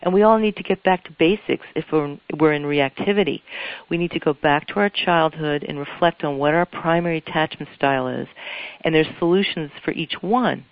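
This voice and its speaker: An earnest couples therapist talks through ideas at length in a measured, explanatory way. The voice sits at a middle pitch. It is captured in a dry, muffled recording. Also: dry recording. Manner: earnest, explanatory, repeats phrases for emphasis. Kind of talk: explanatory interview talk.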